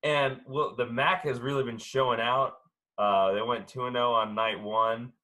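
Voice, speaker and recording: A man co-hosting a casual sports podcast from home, talking in a halting way with many filler sounds. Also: medium pitch, fairly even intonation, sharp tone. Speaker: co-host.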